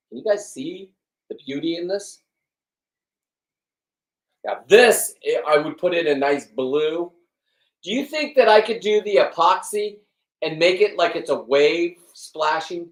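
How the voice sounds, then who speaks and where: A man in his fifties, a fishing and diving vlogger, rambling in a crude, loud, joking monologue. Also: fairly high pitch, animated, a little slow, long pauses. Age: 50s. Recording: roomy, from a distance.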